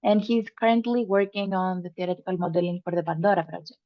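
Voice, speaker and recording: A woman's voice: fairly low pitch, fast talker, no room sound. A woman postdoc hosting a seminar over a video call, giving polite, formal introductions of the speaker. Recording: dull dry video call audio.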